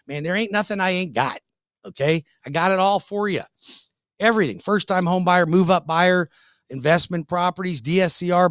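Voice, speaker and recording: A man's voice: fairly high pitch, fairly bright tone, no room sound. Pushy folksy man with a dry studio sound. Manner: pushy, folksy and emphatic, repeats for emphasis. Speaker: radio show host and mortgage lender. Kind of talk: hard-sell radio pitch.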